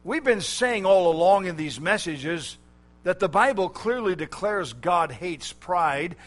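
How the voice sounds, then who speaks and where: A man preaching a sermon, slow and emphatic, drawing out key words. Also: high-pitched, lively intonation.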